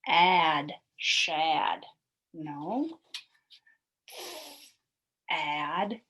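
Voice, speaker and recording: Slow, lively, breathy woman teacher. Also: on the low side, poor audio. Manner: sounds out word parts, then blends them; encouraging, sing-song praise. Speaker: elementary school teacher. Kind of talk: slow phonics lesson for young children.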